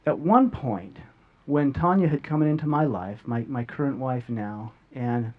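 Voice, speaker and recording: A man's voice: medium pitch, measured pace. A middle-aged man earnestly sharing a personal story as a guest, often repeating words as he goes. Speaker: guest speaker. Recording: dull lo-fi audio.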